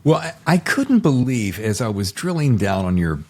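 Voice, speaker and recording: A man's voice: medium pitch, very animated, moderate pace, a little mellow. A man hosting a podcast interview, talking in an enthusiastic, rambling way. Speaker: podcast host. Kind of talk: casual interview chat.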